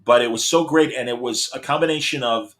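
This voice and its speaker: A man's voice: medium pitch, a little fast, fairly bright tone. Male host, enthusiastic and rambling, video-call chat. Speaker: podcast host. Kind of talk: casual chat.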